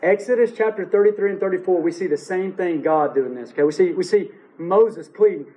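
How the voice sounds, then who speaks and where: A man's voice: high-pitched, brisk, hardly any pauses, warm tone, low-quality recording. A man preaching an expository sermon, stressing key phrases by repeating them and asking his listeners rhetorical questions. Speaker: pastor.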